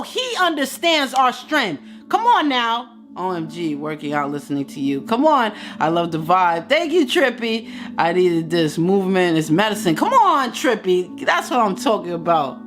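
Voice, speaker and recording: Higher-voiced woman preaching hype while she works out, sweaty and a bit winded, faint music behind her. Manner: fervent, preachy, building to excited outbursts. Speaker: motivational live-stream host. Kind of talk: energetic faith-based pep talk.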